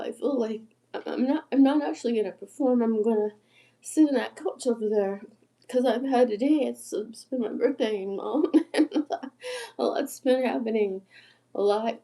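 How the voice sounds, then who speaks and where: Hoarse tired lady in her 60s rambling on a livestream, kinda high voice, drops to whispers, cusses a lot. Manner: soft-spoken, often drops to a whisper, swears freely, laughs between phrases. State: hoarse after illness. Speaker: musician livestreaming. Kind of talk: casual late-night livestream ramble. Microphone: iPad.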